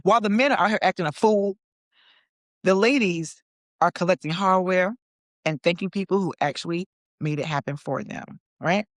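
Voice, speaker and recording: A woman in her forties with a fairly low voice hosts a talk show podcast at normal speed, recorded with clean studio sound and no echo. She offers casual opinion commentary with sass and chattiness, calling listeners "honey" and saying "okay" often.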